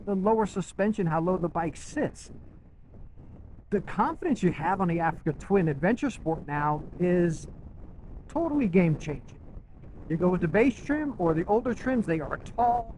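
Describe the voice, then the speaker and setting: Chatty man, higher voice. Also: a little mellow, slight background noise, rough recording. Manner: chatty and enthusiastic, often asks "right?". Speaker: motorcycle vlogger. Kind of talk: casual talk to camera.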